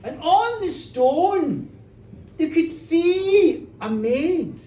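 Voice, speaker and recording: A woman tells a folk tale live, chatty and playful, her high voice swooping up and down. She is recorded from a distance in an echoey pub with faint noise behind. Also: animated, extremely slow, dark tone. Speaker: storyteller. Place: pub storytelling show, indoors. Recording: roomy bar, distant mic, faint noise.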